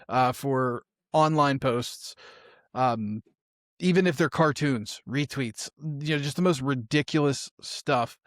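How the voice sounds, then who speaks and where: A man's voice: on the high side, no room sound, studio quality. An American man hosting a podcast, casual and loose, with fillers and easy laughter. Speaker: podcast host. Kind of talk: casual conversational interview.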